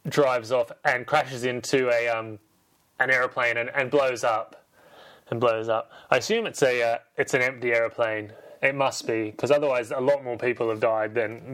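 A man excitedly retelling a film in a casual, swear-filled way, acting out the characters' lines as he goes. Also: mid-range voice. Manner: animated, swears a lot, acts out lines. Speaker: podcast host retelling a film.

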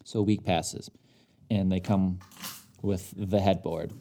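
A man's voice: deep voice, takes it slowly. A man co-hosting a podcast, telling a story in casual chat and getting worked up as he goes. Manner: animated, gets worked up, mimics others in his story. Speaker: podcast co-host.

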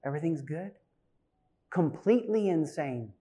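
Animated storytelling pastor, a man. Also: fairly high pitch, moderate pace. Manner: animated storyteller, swinging from loud bursts to hushed asides. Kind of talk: sermon with personal storytelling.

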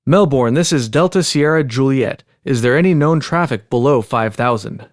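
A man reading a pilot's radio calls from a transcript in a measured, plain way. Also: mid-range voice, no echo, studio quality, natural voice. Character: calm adult male pilot on the radio.

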